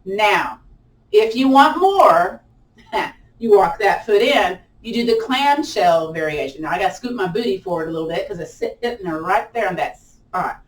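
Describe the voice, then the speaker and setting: A woman's voice: mid-range voice, lively intonation, moderate pace. A woman leading a live online chair yoga class, chatty and encouraging, with a lilt and playful whoops during the holds. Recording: roomy echo, mic at a distance.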